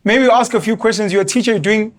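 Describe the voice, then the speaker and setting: A South African man with a notably high voice argues his point in a casual podcast conversation. He stays playful and stubborn, dropping Zulu words into his English. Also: fairly even intonation, fast talker. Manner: playful, argumentative.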